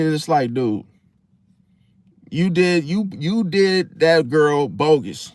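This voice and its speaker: A man's voice: on the high side, lively intonation, takes it slowly, pauses often, darkish tone, no room sound. A man hosting an astrology talk in a casual monologue, preachy and repeating "see?" while acting out quoted apologies. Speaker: astrology channel host.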